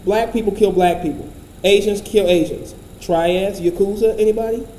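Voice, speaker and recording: High-voiced, dark-toned man, rambling casual commentary, faint noise behind. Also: steady tone, moderate pace, roomy sound, poor audio. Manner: profane, blunt, rambling.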